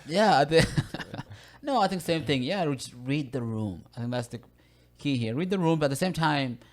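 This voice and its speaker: A man's voice: on the high side, animated. A man in casual podcast chat, recounting a funny story about a passenger, full of fillers like "you know". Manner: quick, chatty storyteller with frequent fillers. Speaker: podcast guest.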